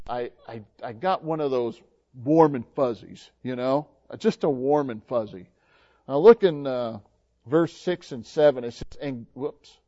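A man's voice: on the high side, darkish tone, lo-fi sound. A male pastor preaching a sermon in a folksy, conversational way, often restarting and filling with "uh" and "you know.". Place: church.

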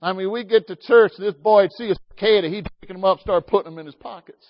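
A man's voice: sits high, fast. A man preaching a sermon, telling folksy stories with asides to his congregation. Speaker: pastor. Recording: slightly dull lo-fi sound.

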